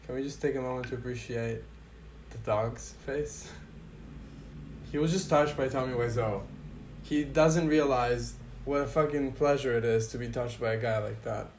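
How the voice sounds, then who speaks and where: A man's voice: mid-range voice, normal speed, a little hiss or hum. A man hosting a podcast, sarcastically reviewing and reacting to a bad movie with crude, mock-reverent humor. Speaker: podcast host.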